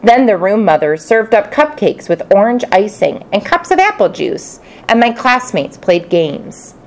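A woman narrating a children's storybook in the first person, expressive and playful. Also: medium pitch, measured pace. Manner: expressive, playful character voices. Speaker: audiobook narrator.

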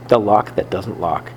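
A man reading a children's book aloud in first person, unhurried, with occasional slips and rereads. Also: lowish voice, a little hiss or hum, poor audio. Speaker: reader.

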